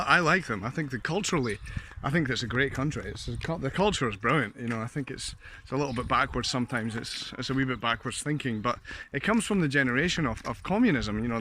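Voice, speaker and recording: A man's voice: mid-range voice, sharp tone, a little hiss or hum. Chatty Scottish man out walking. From Scotland. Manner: rambling, chatty, laughs often. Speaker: vlogger. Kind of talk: casual walking vlog. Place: outdoors on a walk past houses. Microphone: handheld camera. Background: dogs barking.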